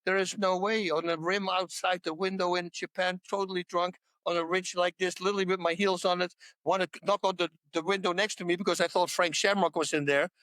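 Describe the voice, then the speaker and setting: Man, podcast guest, high voice, dry close sound, animated storyteller, laughs mid-sentence. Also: brisk, no echo. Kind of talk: animated anecdote telling in a podcast chat.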